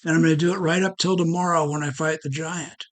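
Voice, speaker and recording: A man's voice: fairly high pitch, fairly even intonation, quick pace, lightly acted. A man voicing a young shepherd boy, bold and sure of himself, in a plain storytelling voice. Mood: determined.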